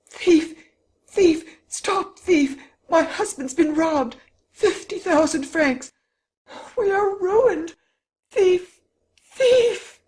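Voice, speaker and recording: A woman's voice: sits high, big pitch swings, moderate pace, voice pushed up. A man voicing a robbed wife in a storybook reading, shrieking in frantic hysteria. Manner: screaming, frantic yelling.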